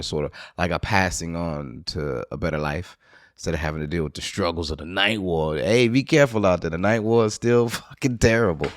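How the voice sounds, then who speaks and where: A man from New Orleans with a local accent, hosting a podcast and telling a rambling, profane story in casual monologue, now and then jumping into high excited bursts. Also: dry recording, studio quality. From New Orleans, USA. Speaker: podcast host.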